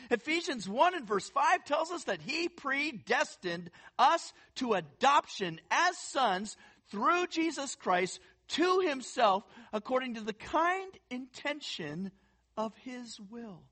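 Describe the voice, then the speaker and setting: Pastor delivering a sermon. Earnest and emphatic, unhurried, with a voice that rises and falls widely. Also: high-pitched. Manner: emphatic, builds to loud stressed phrases; earnest, repeats words for emphasis.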